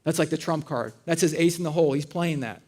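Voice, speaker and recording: With a voice on the high side and a darkish tone, a pastor in his thirties talks fast through a conversational sermon. He tells funny family stories and performs the voices, speaking in a church auditorium.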